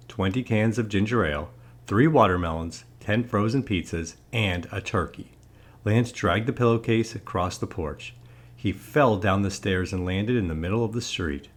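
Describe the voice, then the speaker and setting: Low, expressive male storyteller. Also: slightly rough. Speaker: narrator. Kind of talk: children's read-aloud.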